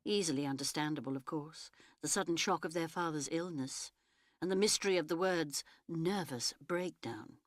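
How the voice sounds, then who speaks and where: A woman reading a novel aloud as an audiobook narrator, measured and expressive. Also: low voice, dry recording, studio quality.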